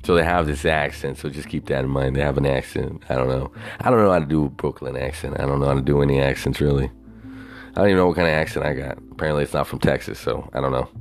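Very deep-voiced man telling a rambling story. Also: steady tone, quick pace, faint music behind. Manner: profane, hesitant, self-doubting.

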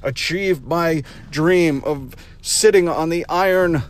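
A man hosting a solo podcast, ranting in an animated, joking way. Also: on the high side, slow. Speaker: podcast host. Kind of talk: casual solo podcast rant. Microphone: podcast microphone.

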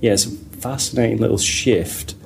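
A man in a casual podcast discussion who restarts his sentences as he works through a point. His voice is fairly low. A faint background hiss runs under it. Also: steady tone, moderate pace, vocal fry. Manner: thinking aloud, restarts often. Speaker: podcast co-host.

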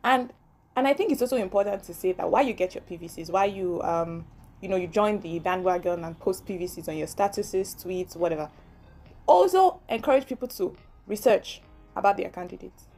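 A woman's voice: medium pitch, animated, fairly quick, warm tone, faint music behind. A young woman with a Nigerian accent hosting her own podcast, chatting alone in a ranting, laughing way. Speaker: podcast host. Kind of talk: casual solo podcast monologue.

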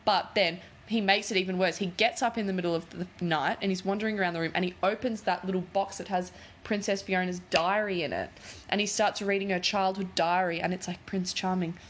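A woman's voice: lowish voice, steady tone, a little fast, a little hiss or hum. A woman in casual chat, retelling a film plot in a rambling, giggly way, full of fillers.

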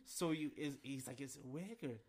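A man's voice: medium pitch, moderate pace, darkish tone. A man telling a story in casual comedic chat, rambling with many restarts, laughing and swearing.

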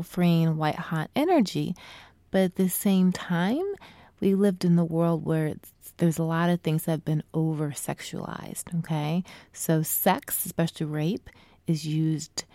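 Young woman, casual coaching talk; soft, near-whispered, mellow and low. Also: dry recording.

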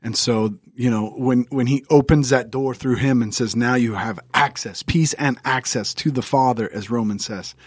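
A man's voice: mid-range voice, moderate pace, few pauses, breathy edge, no echo, clean studio sound. A man co-hosting a casual faith podcast, reflecting and checking in with "right?". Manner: reflective, with frequent "right?" asides. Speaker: podcast co-host.

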